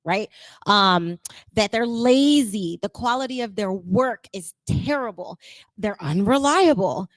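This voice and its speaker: A woman speaking to a live audience in a chatty, animated way, acting out quoted voices and laughing often. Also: mid-range voice, slow pace, dry recording, clean studio sound. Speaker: workshop speaker.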